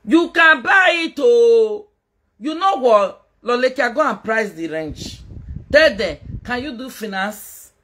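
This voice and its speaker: A woman's voice: on the high side, animated, slow pace, a bit bright. A Nigerian woman doing a casual live-stream gossip rant as a social media commentator, mocking, laughing and scolding.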